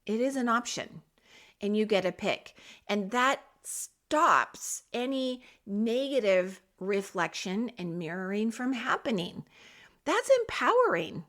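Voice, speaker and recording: A woman's voice: a little high, very animated, slow. A middle-aged woman hosting a parenting podcast who talks straight to the listener in an encouraging, coaching way. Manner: warm, coaching tone, direct address to parents. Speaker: podcast host.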